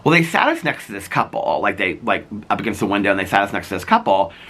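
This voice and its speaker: A man vlogging, telling a long rambling story in a casual, excitable way with many fillers. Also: fairly low pitch, fast.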